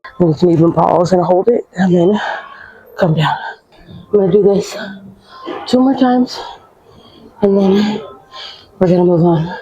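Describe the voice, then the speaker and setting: A woman's voice: lowish voice, measured pace, long pauses, mellow, slightly rough, no room sound, soft background music. Young woman fitness vlogger, slangy, out of breath, dull lo-fi. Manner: chatty, coaching, slangy. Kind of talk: casual workout instruction.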